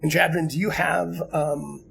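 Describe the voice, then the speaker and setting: A man narrating a tabletop game as game master, easygoing and halting, with many fillers and restarts. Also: on the high side, little pitch movement, gravelly, fairly bright tone, slight background noise, low-quality recording.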